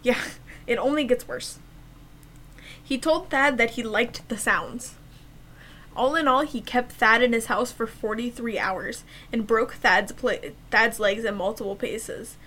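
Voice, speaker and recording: A woman's voice: on the high side, measured pace, sharp tone, a little hiss or hum, poor audio. A young woman casually co-hosting a podcast, telling stories with sarcasm, frequent swearing and laughter. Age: young adult. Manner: chatty, sarcastic, swears freely, laughs often. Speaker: podcast co-host. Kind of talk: casual chat and true crime storytelling.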